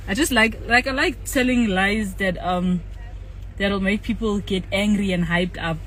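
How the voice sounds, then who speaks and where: Bright, slow-talking giggly young woman. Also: mid-range voice. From South Africa. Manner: giggly and playful, laughs often. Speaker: reality TV personality. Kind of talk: casual chat.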